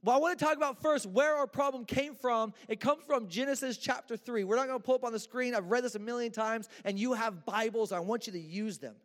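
High-voiced pastor joking in sermon. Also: male voice, brisk, few pauses. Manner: casual, joking, slangy. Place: church. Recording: echoey church hall.

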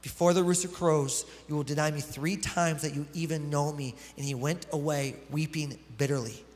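A man's voice: fairly high pitch, fairly even intonation, normal speed, a little mellow. A man preaching a sermon as pastor. He reads scripture aloud, then explains it in a conversational way. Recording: long hall reverb.

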